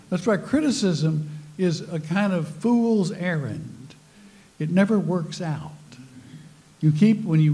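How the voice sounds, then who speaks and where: An older man who used to be a priest addresses a spiritual group, sharing personal stories laced with self-mocking humor. His voice is fairly high in pitch but dark in tone.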